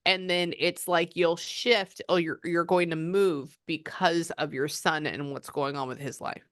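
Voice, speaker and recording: A woman's voice: deep voice, steady tone, a little slow, no room sound, studio quality. A woman psychic medium giving a client reading, chatting and often quoting the spirit's messages.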